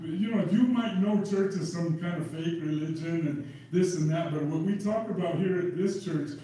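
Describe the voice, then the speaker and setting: A man's voice: fairly high pitch, moderate pace, mellow. A middle-aged male pastor preaching an impassioned, repetitive sermon, checking in with the congregation as he goes. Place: church sanctuary. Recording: very echoey church hall, distant mic.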